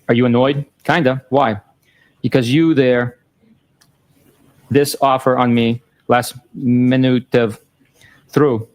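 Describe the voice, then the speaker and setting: A man in a courtroom reading text messages aloud in a flat, matter-of-fact way, timestamps included, into a courtroom microphone. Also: medium pitch, a little slow, long pauses.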